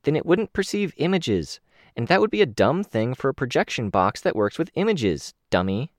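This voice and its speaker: A man voicing a bossy, teasing young teenage girl in an audiobook, impatient and bright. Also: medium pitch, big pitch swings, normal speed, dry recording, clean studio sound, pitched above the performer's own voice, close to an everyday voice.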